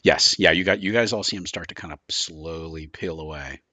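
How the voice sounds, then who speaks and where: A man's voice: low voice, brisk, sharp tone, no room sound. A man running a tabletop horror game as game master, describing scenes in a loose, rambling way full of filler words.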